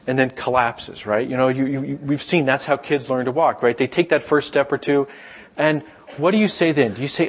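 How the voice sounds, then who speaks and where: A middle-aged man preaching in an easygoing, storytelling way, his voice a little husky and sitting at an ordinary pitch. He slips into the voices of the people in his stories, chatting with the listeners rather than lecturing them. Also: fairly even intonation, moderate pace. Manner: conversational storytelling, acts out quoted voices. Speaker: pastor. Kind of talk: sermon.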